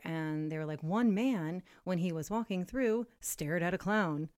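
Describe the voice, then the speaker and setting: A young adult woman co-hosting a casual podcast, telling a story in an animated way and laughing often. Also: on the low side, unhurried, few pauses. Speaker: podcast co-host. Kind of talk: casual chat.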